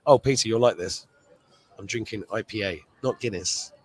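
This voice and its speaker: A man's voice: fairly low pitch, normal speed, no room sound, poor audio. A man hosting a casual livestream, chatting rambly and swearing freely while reading viewer comments at an airport. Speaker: show host.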